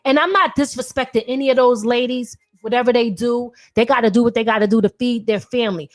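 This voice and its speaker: Woman, thirties, high voice, blunt, profane, animated podcast chat. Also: fast. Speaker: podcast host, independent artist. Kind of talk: casual opinionated talk.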